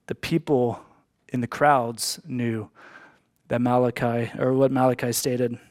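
A man's voice: medium pitch, flat delivery, a little slow, darkish tone. A man preaching a sermon as a pastor, emphatic, repeating key lines for emphasis.

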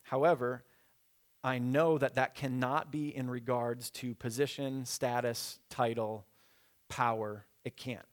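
A man's voice: medium pitch, steady tone, slow. A young man preaching a sermon as a pastor, in a casual conversational way with frequent fillers. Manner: conversational, many fillers, leads congregation in repeating a verse.

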